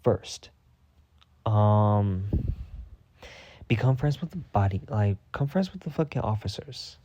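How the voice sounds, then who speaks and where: Sassy cursing man with a mellow low voice. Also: animated, slow pace, dull audio, a little hiss or hum. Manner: sassy, dramatic, heavy cursing. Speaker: storytime podcast host. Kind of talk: casual profane storytime rant.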